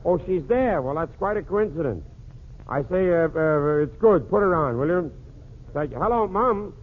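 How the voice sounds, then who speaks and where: A man's voice: on the high side, lively intonation, normal speed. A man hosting a 1940s radio comedy show, cracking jokes through a one-sided phone call. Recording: tinny old radio broadcast with faint hiss.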